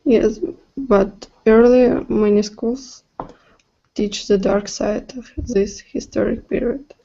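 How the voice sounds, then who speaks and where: A woman's voice: a little high, steady tone, takes it slowly, creaky, dark tone, slightly rough, lo-fi sound. A woman whose native language is Russian, answering unsurely in English as a student and correcting herself.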